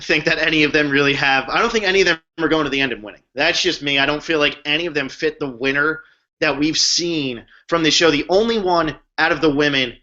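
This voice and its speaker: A young man from New Jersey co-hosting a podcast, talking in an animated, emphatic, slangy way. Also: fairly high pitch, fast. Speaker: podcast co-host. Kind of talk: casual chat. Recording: dull lo-fi recording.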